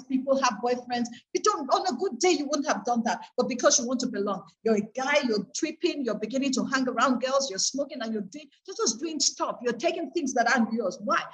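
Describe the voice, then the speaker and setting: Earnest woman teaching, fairly high voice. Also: expressive, moderate pace, few pauses, rough recording. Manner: earnest, asks the audience rhetorical questions. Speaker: course speaker on peer pressure. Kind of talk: faith-based teaching talk.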